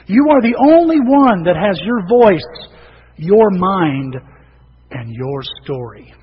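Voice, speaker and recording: A man's voice: high voice, big pitch swings, slow. A middle-aged man preaching a sermon to his church in a conversational storytelling way, acting out the people he quotes. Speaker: pastor. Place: church sanctuary. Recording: dull reverberant hall recording with faint noise.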